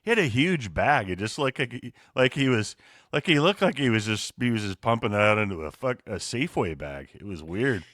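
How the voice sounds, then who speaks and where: A man's voice: mid-range voice, very animated, brisk, a bit bright, dry recording, clean studio sound. A man co-hosting a comedy podcast in casual chat, laid-back and self-deprecating. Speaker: podcast co-host.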